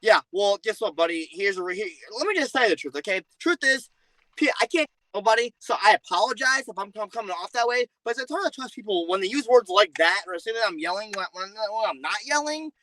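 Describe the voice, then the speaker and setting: A young man in a heated voice chat argument, loud and defensive, swearing and repeating himself. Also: high voice, lively intonation, brisk, low-quality recording. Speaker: player in voice chat.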